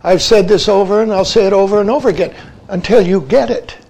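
Male Zen teacher with a high voice, giving an emphatic, repetitive dharma talk. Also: fast, creaky, darkish tone, rough recording. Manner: emphatic, repeats "see" as a verbal tic.

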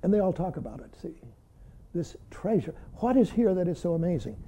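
Blunt, teasing man with a mellow, lively voice. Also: high-pitched, a little fast. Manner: repeats "see" often, blunt and teasing, laughs. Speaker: Zen teacher. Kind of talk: dharma talk.

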